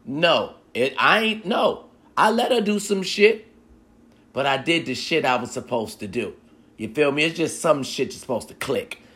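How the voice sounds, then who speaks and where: A man's voice: fairly high pitch, animated, moderate pace, fairly bright tone. A man delivering a profane comedic rant straight to the listener, acting out both sides of a date as he goes.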